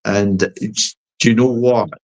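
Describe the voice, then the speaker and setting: A man's voice: fairly low pitch, steady tone, unhurried, darkish tone. A Scottish man chatting over beers, a bit tipsy, rambling and swearing with lots of emphatic repetition. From Scotland. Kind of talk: casual chat over beers.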